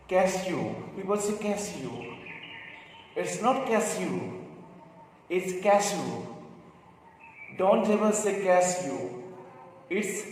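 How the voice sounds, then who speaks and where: A man teaching pronunciation. He repeats each word slowly and draws out the sounds. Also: high voice. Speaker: English teacher. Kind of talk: pronunciation lesson. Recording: echoey room, mic far off, faint noise.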